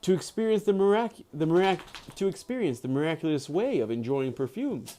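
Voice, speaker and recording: A man reading aloud voices a plump, bearded saint who speaks in a gentle, measured way. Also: fairly high pitch, big pitch swings, slight background noise. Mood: calm. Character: plump bearded male saint, calm and kindly.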